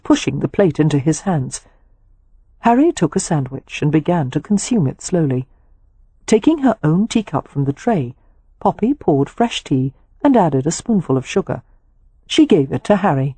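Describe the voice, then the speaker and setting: Husky, dark-voiced woman narrating. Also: deep voice, no room sound. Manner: measured, expressive reading. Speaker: audiobook narrator. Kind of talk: scripted narration of a romance novel.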